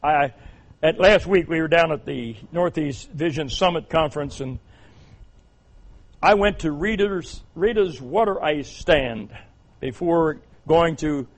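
High-voiced preacher delivering a sermon. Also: male voice, unhurried. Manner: preaching with rising, emphatic outbursts and hushed lists.

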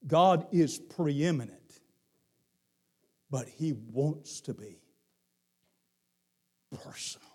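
A middle-aged man with a Southern accent preaching a sermon, moving from hushed lines to shouted ones. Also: fairly high pitch, expressive, extremely slow, long pauses. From Southern United States. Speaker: pastor.

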